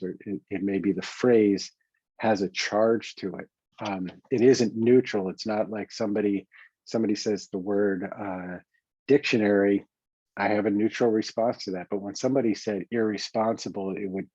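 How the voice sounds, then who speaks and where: Speaking with a New York accent, a man talks through coaching exercises in a calm, reflective way, often pausing and restarting, as self-help teaching talk. His low, mellow voice has a breathy edge. The recording is dry, a little dull, and has no room sound.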